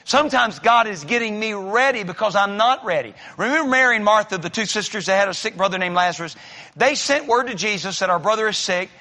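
High, bright preacher in a hall. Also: male voice, lively intonation, fast. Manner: folksy storytelling preacher, acts out voices. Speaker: pastor. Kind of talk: sermon. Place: church sanctuary. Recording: long reverb of a large hall.

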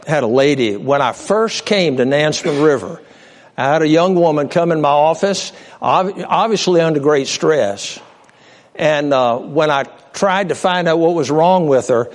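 Preaching with passion, the pastor alternates between raised cries and low, hushed storytelling. He frequently restarts and repeats words while speaking directly to those listening.

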